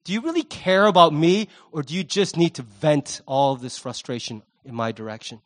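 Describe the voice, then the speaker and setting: Man, pastor, high voice, animated sermon, acts out quotes. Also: normal speed.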